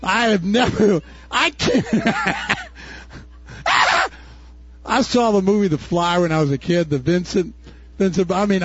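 An older man preaching a sermon as pastor, impassioned and folksy, rising to shouts at his peaks. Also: high-pitched, slightly rough, no echo. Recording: dull dry recording.

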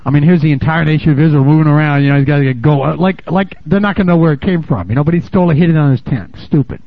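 A man preaching a sermon in a lively, conversational way, laughing and calling out "amen?" to the congregation, on a dull, lo-fi recording. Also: fairly high pitch, racing, no room sound. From United States. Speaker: pastor.

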